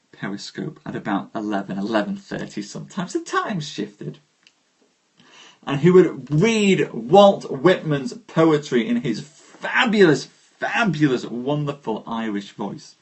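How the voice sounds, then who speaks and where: A man with a husky, breathy voice hosts a live stream. He reads poetry and chats with his viewers, taking his time and greeting each one by name. His pace stays slow and deliberate. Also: a little high.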